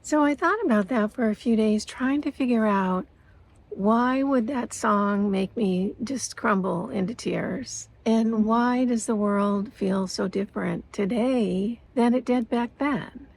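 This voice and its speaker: A woman's voice: a little high, slow pace, gravelly, darkish tone, poor audio. A woman in her sixties talking to her viewers in a reflective, earnest monologue, telling personal stories with emotion and frequent laughter. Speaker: lifestyle vlogger.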